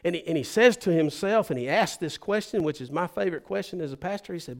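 A man, a pastor telling a story in a sermon and acting out its people with sudden loud, high bursts. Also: lively intonation, fast, creaky, hardly any pauses.

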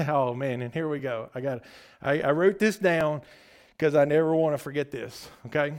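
A man's voice: fairly high pitch, moderate pace. A man preaching a casual sermon to his congregation. He keeps checking in with "okay?" and laughs often.

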